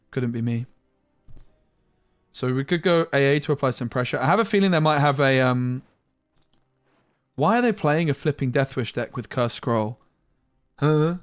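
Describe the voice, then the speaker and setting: A man's voice: mid-range voice, clean tone, dry recording. A man streaming a card game, chatting casually and muttering asides with mild slang. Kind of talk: casual gameplay commentary.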